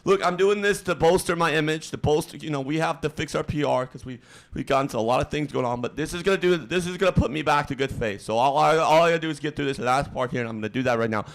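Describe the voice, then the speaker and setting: A man hosting a livestream, giving a halting mock apology with many fillers and restarts in a deadpan, fake-emotional tone. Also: on the high side. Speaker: streamer host.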